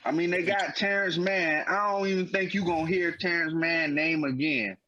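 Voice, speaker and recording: A man's voice: on the high side, moderate pace. A man co-hosting a sports podcast, arguing emphatically in casual slang. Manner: animated, emphatic, heavy slang. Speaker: podcast co-host. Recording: dull lo-fi podcast audio.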